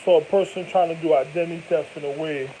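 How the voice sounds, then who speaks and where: A man's voice: a little high, steady tone, quick pace, warm tone, slight background noise, rough recording. A man telling rambling stories to camera in loose slang, laughing often as he goes. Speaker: vlogger. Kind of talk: casual storytelling to camera.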